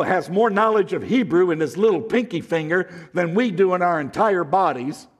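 A man preaching a sermon, slow and deliberate, swinging from emphatic highs to hushed lows. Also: husky, big-room sound. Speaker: pastor.

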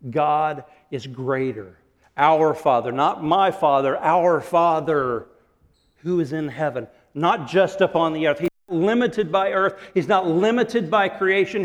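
A man preaching a sermon as pastor, animated, acting out quotes and laughing often. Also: fairly high pitch, a little slow. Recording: long hall reverb.

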